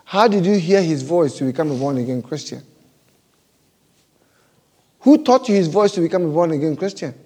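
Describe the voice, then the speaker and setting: High-voiced, mellow male preacher. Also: expressive, normal speed, long pauses, breathy edge. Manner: preaching with rhetorical questions to the congregation. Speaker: pastor. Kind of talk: sermon.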